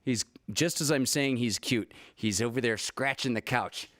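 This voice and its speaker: A man hosting a casual live music stream, rambling through an animated story with restarts and casual swearing, talking from home. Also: medium pitch, moderate pace. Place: home, with balcony and fire pit.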